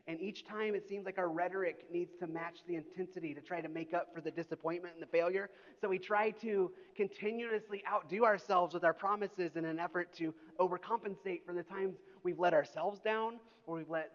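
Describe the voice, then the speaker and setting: Speaking at a normal speed, a middle-aged pastor preaches in a church auditorium, telling stories with animated, mock-indignant energy. His voice sits high for a man, the sound is a little dull, and the large hall adds long reverb.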